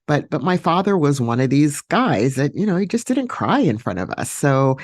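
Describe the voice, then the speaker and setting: A woman hosting a podcast, telling a personal story solo in a reflective, unhurried way with many fillers and restarts. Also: deep voice, big pitch swings, no echo, clean studio sound. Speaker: podcast host.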